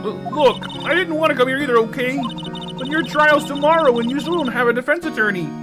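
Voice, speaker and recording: A man's voice: very high-pitched, brisk, over music, pitched above the performer's own voice. Man doing Phoenix Wright, stammering and flustered. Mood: insistent. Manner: stammering, startled. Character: young male defense attorney, flustered and earnest.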